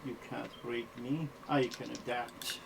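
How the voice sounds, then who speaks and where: Slow laid-back game master man. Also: mid-range voice, little pitch movement, vocal fry, very noisy. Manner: laid-back, laughs often, swears casually. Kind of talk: running a tabletop game session.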